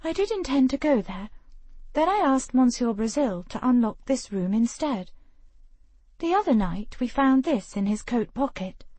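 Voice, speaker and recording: A woman voicing a flustered, quick-witted young woman who protests in a hurried way, in an audiobook. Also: fairly high pitch, big pitch swings, a little mellow, no room sound, pitched above the performer's own voice.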